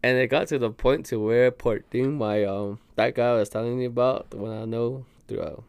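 A man's voice: mid-range voice, fairly even intonation, moderate pace, a little mellow, clear, resonant tone, dry recording. A man guest on a podcast, telling a story in loose, profane slang and laughing as he goes. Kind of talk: casual storytelling chat.

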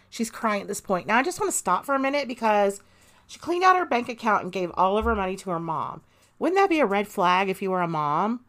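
A woman's voice: mid-range voice, animated, brisk, fairly bright tone. A woman hosting a true crime podcast, reading an interrogation transcript aloud and adding her own comments. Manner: reads quoted interrogation lines plainly, adds commentary. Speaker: podcast host.

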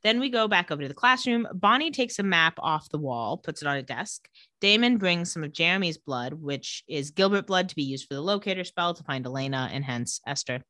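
A woman co-hosting a podcast, recapping a TV episode in casual chat and quoting the characters with animated voices. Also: low voice, a little fast, no room sound, clean studio sound.

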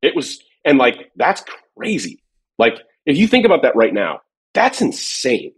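A man's voice: medium pitch, huge pitch swings, a little slow, slightly rough. A man chatting casually in a podcast, telling rambling stories from his years at a drum company, full of fillers and restarts.

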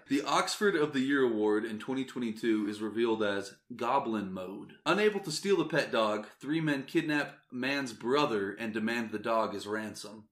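A man co-hosting a podcast in casual chat, laid-back and quick to laugh. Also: medium pitch, echoey room. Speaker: podcast co-host.

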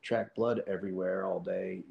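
A man's voice: low voice, steady tone, moderate pace, gravelly, reverberant, lo-fi sound. A man co-hosting a podcast, rambling hesitantly through a long story with many fillers. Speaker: podcast co-host. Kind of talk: casual chat.

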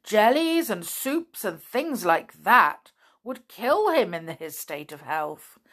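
A woman voicing a bossy, cheerful male animal doctor who is secretly a sham, speaking briskly and with mock gravity. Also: mid-range voice, sing-song, a bit bright, voice pushed up, exaggerated voice. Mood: brisk, mock-grave. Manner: brisk, bossy and gleefully grave.

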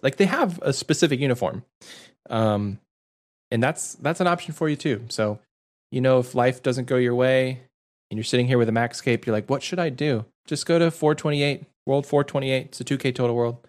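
A man's voice: mid-range voice, a little fast. Man, podcast co-host, casual gaming chat, laughs a lot, easygoing.

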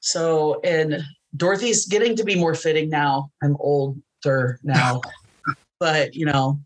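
A woman's voice: sits low, takes it slowly, rough recording. A middle-aged woman, a wrestling announcer, chatting as an interview guest, telling stories with lots of laughter and acted-out voices. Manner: animated storyteller, laughs often, acts out quoted voices. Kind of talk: casual chat.

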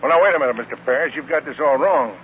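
A man playing a stern, no-nonsense police inspector in a 1940s radio drama, brisk and commanding. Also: mid-range voice, a little hiss or hum, lightly acted. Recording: tinny, phone-like old radio recording.

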